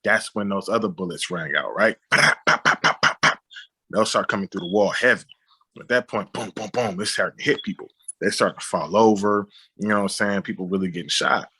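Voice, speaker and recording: A man's voice: fairly low pitch, a little fast, bright, forceful tone, husky. A man, a film director, telling a personal story on a podcast, acting out sound effects and often saying "you know what I'm saying".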